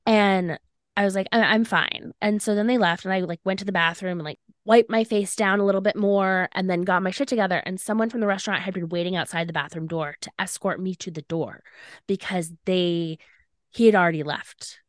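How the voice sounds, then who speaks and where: A woman's voice: mid-range voice, a little fast, no echo. Chatty young woman, dry close sound. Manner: animated, fillers of "like", acts out quoted lines. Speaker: podcast co-host. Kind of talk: casual storytelling chat.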